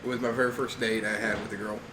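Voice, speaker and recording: A man's voice: lowish voice, flat delivery, very fast. A man cutting into a casual podcast chat to share his own memory. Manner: interjecting with his own anecdote. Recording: echoey, distant mic with hiss.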